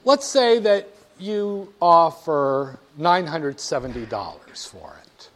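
Man, lecturer, classroom talk, playful, teasing, high-pitched. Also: expressive, slow, a bit bright. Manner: playful, teasing, talks straight to students.

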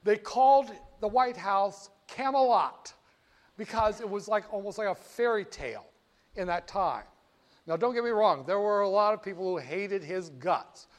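An older man telling history in a casual, animated, folksy way, often correcting himself mid-sentence. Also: sits high. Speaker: storyteller.

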